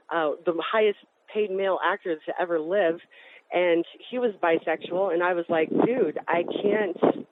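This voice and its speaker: A woman's voice: medium pitch, a little hiss or hum. Woman on a tinny phone-like line. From Colorado, USA. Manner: fast, urgent, tumbling phrases with many restarts. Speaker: interview guest. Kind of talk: personal testimony in an interview.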